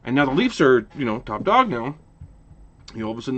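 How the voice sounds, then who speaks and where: Passionate man ranting, lively swings. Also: medium pitch, fairly quick, lo-fi sound. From Ottawa, Canada. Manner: passionate, repetitive restarts, animated. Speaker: hockey channel host. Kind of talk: casual opinion rant to camera.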